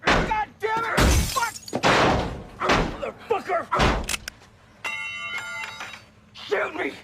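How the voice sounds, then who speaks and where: Enraged unhinged young man, shrieking curses, gravelly, very slow, film clip with loud vehicle noise. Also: very high-pitched, lively intonation, heavily acted. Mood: screaming rage. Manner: screaming, cursing wildly.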